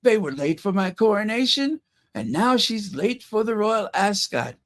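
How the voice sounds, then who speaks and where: A man's voice: sits high, big pitch swings, normal speed, voice pushed up. A man putting on a fretful, indignant elderly king as a mocking impression.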